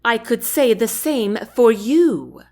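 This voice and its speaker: A woman's voice: fairly high pitch, expressive, slow, dark tone. A woman reading a proud, defiant queen. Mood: indignant. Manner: firm and indignant. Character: proud young queen, defiant and quick to anger.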